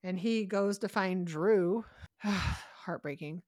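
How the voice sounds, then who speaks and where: A woman co-hosting a podcast, recapping a TV episode in an animated, breathless way with rapid asides. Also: medium pitch, no echo, studio quality. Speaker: podcast co-host. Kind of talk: casual chat recapping a TV episode.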